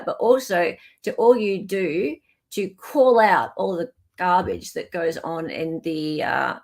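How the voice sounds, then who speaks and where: An Australian woman hosts a livestream in casual chat, reading viewer comments aloud, thanking people by name and laughing often. Her voice is lowish and creaky.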